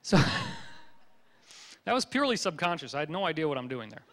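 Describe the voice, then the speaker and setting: Male lecturer, slightly high voice, playful storyteller, long hall reverb. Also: normal speed. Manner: joking, animated storytelling. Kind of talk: public lecture.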